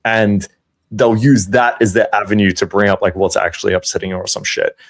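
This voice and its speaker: A man's voice: lowish voice, fairly even intonation, brisk. A man co-hosting a podcast as a dating coach, giving advice in a matter-of-fact, profane, casual way.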